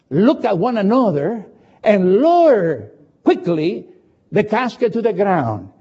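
A man preaching in a high, lively voice that climbs and drops through a dramatic retelling. His tone is dark and husky, he speaks English as a with as his first, and he moves slowly, switching between loud and hushed passages. The sound is dull and lo-fi. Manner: slow, dramatic storytelling with sudden shifts between loud and hushed. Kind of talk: sermon. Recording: dull lo-fi recording.

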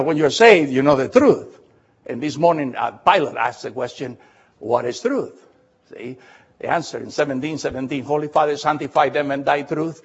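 High-pitched guy preaching, really animated, keeps repeating words, dull lo-fi recording. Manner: emphatic, repeats words, reads scripture slowly. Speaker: pastor. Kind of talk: sermon.

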